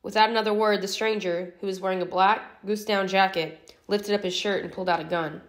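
A woman reading a novel aloud as an audiobook narrator in a steady, even storytelling manner. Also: mid-range voice, a little fast. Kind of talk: scripted narration.

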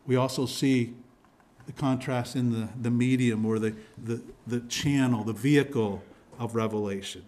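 A pastor preaching a sermon in church, explaining scripture in a teaching manner with frequent restarts and repeated words. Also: male voice, medium pitch, a little mellow. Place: church sanctuary.

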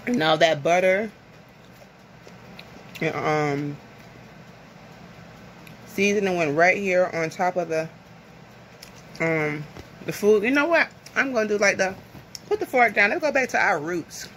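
A woman's voice: lowish voice, a little slow, pauses often, a little hiss or hum. A woman from the American South chatting casually to camera over lunch at home, rambling and nervous. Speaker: vlogger. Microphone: phone camera.

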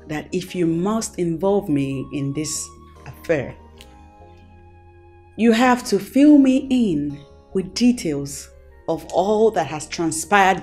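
An actress with a Nigerian accent playing a composed queen who speaks in a measured, formal way. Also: on the low side, darkish tone. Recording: faint film music underneath.

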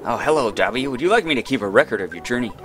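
A man quickly reading aloud the courteous lines of a male helper from a video game. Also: medium pitch, expressive, a bit bright, soft background music, close to an everyday voice. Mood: polite. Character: polite male save-point helper.

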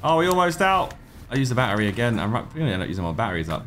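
A man's voice: medium pitch, big pitch swings, rapid-fire, a bit bright, slight background noise. A man in his thirties giving let's-play commentary, jumpy and swearing, talking to himself and the game. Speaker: gaming YouTuber.

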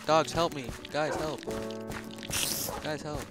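A young man giving casual, slangy gameplay commentary, excitable and often shouting at the game. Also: on the high side, slow. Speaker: gaming youtuber. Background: loud background music.

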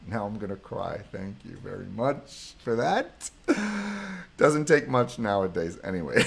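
A middle-aged man, a psychologist hosting a live stream, effusively thanking viewers and reading their comments aloud. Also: mid-range voice.

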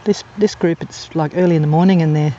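A deep, warm-toned woman from England, an amateur nature videographer, talks fast and casually while filming on a golf course, her intonation fairly even. She rambles through anecdotes full of ums and uhs. Recorded on a handheld camera mic, the outdoor audio is slightly dull and muffled, with slight background noise.

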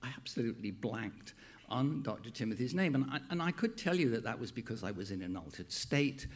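An older American man, a minister, hosts a Sunday service in a chatty, playful, warm manner. His medium-pitched voice is brisk and slightly rough, and he's lively with loud call-outs.

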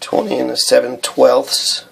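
A man casually talking through his paperwork, halting and aggrieved, with many fillers. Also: medium pitch, completely flat delivery, gravelly, a bit bright, a little hiss or hum. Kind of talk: casual vlog walkthrough of documents.

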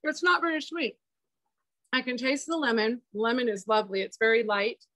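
A high-pitched woman chats on a video call about a dessert she made. Her speech is relaxed and talkative, with many "um"s, and the sound is dry and close. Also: normal speed, no room sound. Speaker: guest sharing a dessert. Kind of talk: casual chat demo.

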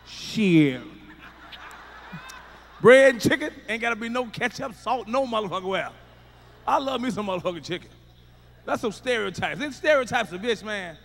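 Loud, bright-voiced male stand-up comic. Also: sits high, lively intonation, moderate pace, long pauses, long reverb tail. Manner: loud, profane, emphatic storytelling. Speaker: stand-up comedian. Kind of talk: live stand-up routine.

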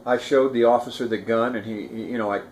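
A man's voice: medium pitch, steady tone, quick pace, darkish tone, slight background noise. A man in his sixties casually recalling a past event, rambling with restarts and asides. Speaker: storyteller recalling a past crime. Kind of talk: casual first-person recollection.

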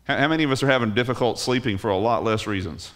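A man's voice: mid-range voice, fast, fairly bright tone. Man preaching an emphatic sermon. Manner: emphatic, rising on key phrases, restarts words. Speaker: pastor. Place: church.

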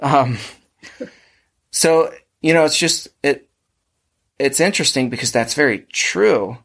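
A man's voice: medium pitch, unhurried, creaky, fairly bright tone. A man with a Pennsylvania accent hosting a casual podcast discussion, explaining at length with frequent restarts. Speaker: podcast host.

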